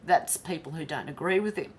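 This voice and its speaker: A woman's voice: deep voice, brisk, darkish tone. A woman with an Australian accent, hosting a casual live-stream commentary, blunt and chatty as she greets viewers by name. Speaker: commentary channel host.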